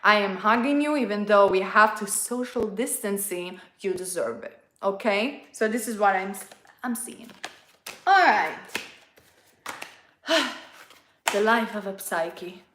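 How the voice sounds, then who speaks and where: Expressive woman, reading tarot casually; sharp bright tone, roomy echo. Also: mid-range voice, slow pace, pauses often, a little hiss or hum. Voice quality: non-native English. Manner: chatty and expressive, playful asides. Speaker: tarot reader.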